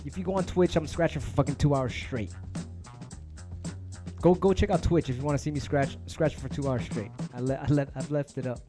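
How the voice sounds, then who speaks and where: A man's voice: on the high side, a little fast, music in the background. A man hosting his own stream, ranting casually to viewers in heated, profanity-laced street slang. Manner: emphatic, heated. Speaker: DJ and stream host.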